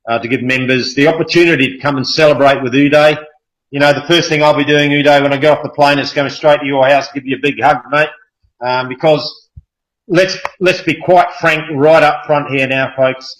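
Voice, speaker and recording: A man's voice: medium pitch, a bit bright, rough recording. A man with an Australian accent hosting a casual online group call, chatty and enthusiastic, with many fillers. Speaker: hangout host. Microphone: video call.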